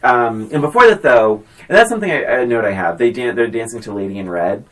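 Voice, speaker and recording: A woman with a strikingly low voice chats casually about an old film. Her pitch leaps around a lot, and she throws herself into reenacting scenes. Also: fast talker. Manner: animated, acts out movie lines with big swings. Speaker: podcast co-host. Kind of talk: casual movie chat.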